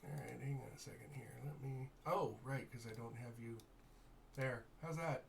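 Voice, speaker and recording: A man's voice: medium pitch, moderate pace, vocal fry, slight background noise. Easygoing man running a tabletop game. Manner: easygoing, muttering to himself while fixing software. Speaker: game master.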